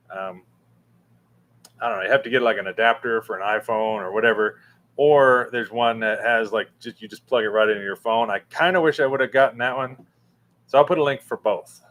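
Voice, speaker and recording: A man's voice: medium pitch, a bit bright. A man hosting a casual livestream, reading chat and rambling with many fillers and restarts. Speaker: livestream host answering chat. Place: room with a fan running.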